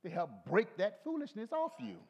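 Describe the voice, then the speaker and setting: A middle-aged male pastor preaching a folksy sermon, swinging from low soft asides to shouted peaks. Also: wildly swooping pitch, normal speed. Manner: folksy, talks to the congregation.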